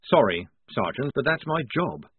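A man's voice: a little high, very animated, fairly quick, husky, voice pushed up. A man voicing a breezy, curious male writer with a clipped way of talking, in an audiobook. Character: brisk, breezy male writer, young adult. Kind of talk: audiobook character voice. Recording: tinny, dry, phone-like sound.

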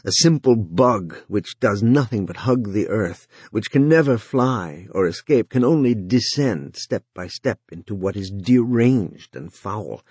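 A man's voice: lowish voice, a little mellow, husky, no room sound. A man voicing an exhausted, dying man who speaks in weary, strained lines.

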